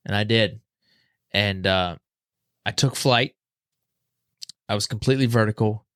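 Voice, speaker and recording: A man's voice: on the low side, measured pace, pauses often, clean tone, dry recording, studio quality. A young man casually telling a story as a podcast guest, acting out what people said. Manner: animated, acts out quoted voices.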